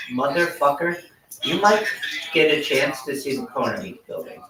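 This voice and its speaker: A man's voice: a little high, animated, moderate pace, pushed and bright, roomy sound, recorded from a distance, a little hiss or hum, low-quality recording. A young man doing over-the-top, profane, mock-grandiose hype commentary on a livestream.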